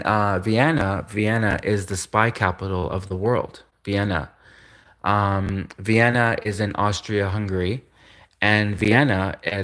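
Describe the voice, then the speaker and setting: Man, livestream host, lower voice; loose rambling monologue with frequent chuckles and restarts. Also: a bit bright. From Canada. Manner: chuckles often, stumbles and restarts.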